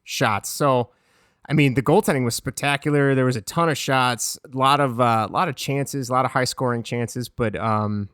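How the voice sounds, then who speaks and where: A chatty man in his thirties talks hockey on a podcast and rattles off statistics between fillers and restarts. His voice sits in a middle pitch. The sound is dry and close. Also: moderate pace, a bit bright, clear, resonant tone, dry recording. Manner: chatty, full of fillers and restarts, reciting stats. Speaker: podcast co-host. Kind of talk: casual sports chat.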